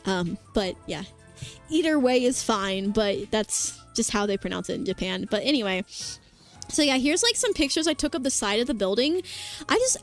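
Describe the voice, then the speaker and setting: A bubbly woman streaming and chatting casually with her viewers, her voice pitched a little high. She rambles along with plenty of fillers and restarts, and quiet music plays underneath. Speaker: vtuber streamer. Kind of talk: casual chat with live chat. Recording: faint background music.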